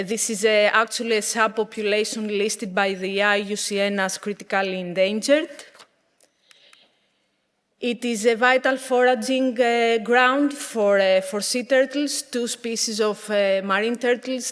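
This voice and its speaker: A woman with a Greek accent giving a careful conference presentation, pausing often with fillers. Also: mid-range voice. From Greece. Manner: careful, hesitant with many fillers. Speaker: conference speaker. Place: lecture hall. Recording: long hall reverb.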